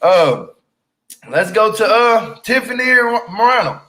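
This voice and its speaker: High-voiced man ranting bluntly. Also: big pitch swings, unhurried, sharp tone, low-quality recording. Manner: blunt, profane, exasperated ranting. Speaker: reality TV commentator. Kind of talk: casual reaction commentary.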